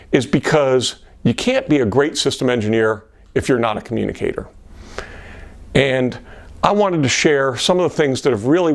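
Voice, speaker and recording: A man presenting a lesson on communication for systems engineers, acting out the questions he would ask a colleague in a gentler voice. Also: on the high side, creaky. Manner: acts out sample questions in a gentler voice. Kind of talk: instructional talk to camera.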